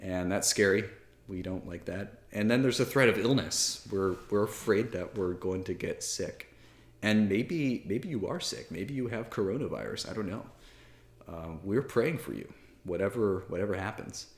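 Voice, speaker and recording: A priest in his thirties talks candidly to the camera, self-deprecating and full of small restarts. His voice sits fairly low. He speaks from a library armchair, and the room gives back a clear echo. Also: animated, moderate pace. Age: 30s. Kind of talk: casual spoken talk to camera.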